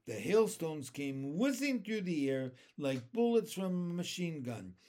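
A man reading a children's novel aloud, deliberate and expressive. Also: a little high. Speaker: storyteller.

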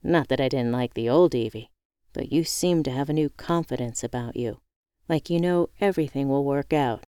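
A man's voice: mid-range voice, normal speed, clear, resonant tone, no echo, clean studio sound, close to an everyday voice. A woman reading the part of a male friend who teases and encourages over the phone. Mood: teasing. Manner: warm teasing, encouraging.

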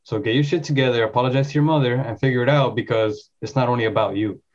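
A man's voice: mid-range voice, steady tone, fast talker. A man in casual chat, earnest and reflective, talking in long run-on sentences. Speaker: podcast co-host. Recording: slightly dull lo-fi sound.

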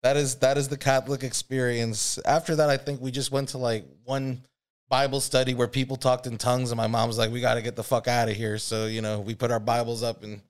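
A man's voice: mid-range voice, flat delivery, brisk, smooth. A man hosting a podcast, telling a story in a casual, rambling, profane way, full of filler words. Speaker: podcast host.

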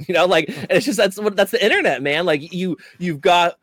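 A man's voice: sits high, lively intonation, normal speed, a bit bright, no echo. A man hosting a podcast in casual chat, joking around and slipping into exaggerated voices when he quotes people. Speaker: podcast host.

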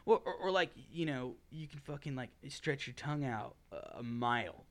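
A man's voice: medium pitch, lively intonation, moderate pace, a bit bright. A man hosting a casual chat podcast, rambling and swearing as he spins absurd stories. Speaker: podcast host.

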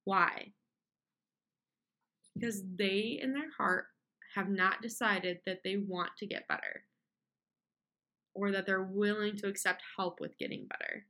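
With a mid-range voice that swings widely in pitch, pushed and bright at a normal pace, a young podcast host talks candidly on her own. She rambles through her points with plenty of fillers and restarts, putting on whiny voices to mock complainers.

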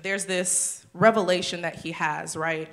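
A speaker in a relaxed Bible discussion who reads verses aloud and then riffs on them. The tone is playful, with little imagined scenes acted out along the way. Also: medium pitch, a little slow. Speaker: co-host of a church discussion show. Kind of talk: casual Bible study discussion and scripture reading.

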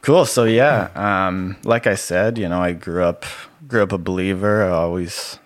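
A man with a soothing voice, sharing his personal story as a podcast guest in a relaxed, rambling way with many fillers. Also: low voice, moderate pace, no room sound. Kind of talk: casual personal testimony.

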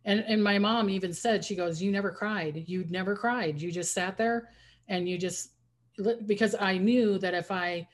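A woman's voice: mid-range voice, normal speed. Woman, psychic medium guest, rambling storyteller, frequent restarts. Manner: rambling, restarts often, acts out quoted voices. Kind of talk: casual interview storytelling.

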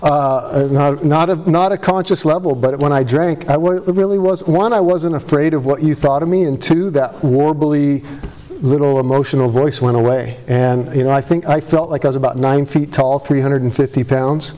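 A man with a high-ish, mellow voice and fairly even intonation talks at a normal speed to a live audience in a recovery meeting room. He is frank and self-mocking, loses his thread and restarts, and his voice cracks with feeling.

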